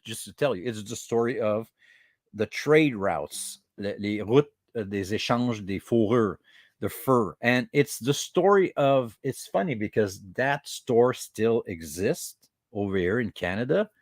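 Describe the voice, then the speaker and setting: Podcast host, man, Québécois accent, animated pitch that swings around, dry close sound, chatty with lots of restarts. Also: unhurried, no echo. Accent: Québécois French. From Quebec. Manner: animated, switches between English and French, many fillers and restarts; mimics other accents in bursts. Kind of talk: casual podcast chat.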